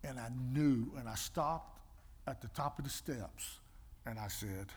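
An older man giving sermon-style teaching with personal stories, emphatic and animated, with a husky voice. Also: mid-range voice, unhurried, slight background noise. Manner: animated storyteller, emphatic, mimics slapping sounds. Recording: long reverb in a large hall.

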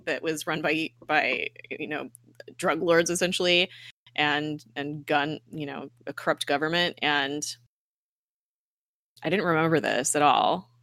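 A woman's voice: low-pitched, a little slow, no echo. A woman co-hosting a podcast, casually recapping a TV episode and acting out the characters' lines as she tells it. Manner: animated, recounts scenes by acting out lines. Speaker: podcast co-host. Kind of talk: casual chat recapping a TV show.

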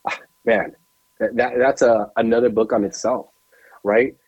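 A man co-hosting a podcast, telling a lively story with emphatic repetition into a studio mic. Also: medium pitch, a little slow, slightly rough, highs cut off. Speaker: podcast co-host. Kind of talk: animated storytelling chat.

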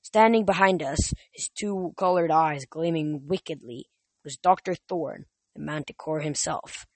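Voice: mid-range voice, unhurried, no echo. An audiobook reader narrating a first-person novel in a plain reading with small slips.

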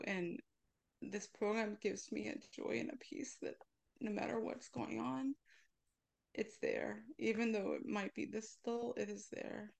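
A woman's voice: mid-range voice, gravelly. A woman giving a candid, emotional personal share at a support meeting over a video call. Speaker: meeting speaker.

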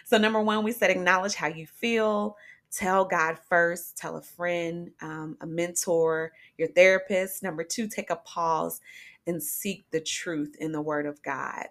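A young woman with a low, gravelly voice hosts a faith-based podcast. She speaks earnestly and casually, with plenty of ums and restarts. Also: steady tone, measured pace, fairly bright tone. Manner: earnest, conversational, frequent fillers. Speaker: podcast host.

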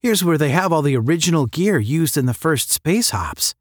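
A man's voice: on the high side, expressive, moderate pace, no echo, studio quality, pitched above the performer's own voice. A man voicing an earnest young cadet hero in a space-academy story.

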